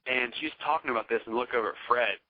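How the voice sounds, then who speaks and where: Here a Charlotte native with a Southern accent talks fast in a mid-range voice, guesting on a podcast whose audio is dull, dry, and echo-free. He meanders through a profanity-laced story, keeping the chat loose and conversational.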